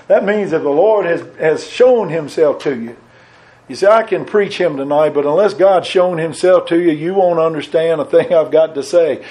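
A man preaching a sermon, folksy and plain-spoken, rising to emphatic peaks and then dropping low and quiet.

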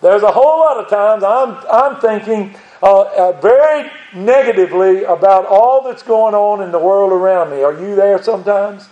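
Older preacher with a high, echoey voice. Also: male voice, darkish tone. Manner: folksy, earnest, rising to pleading emphasis. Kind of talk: sermon.

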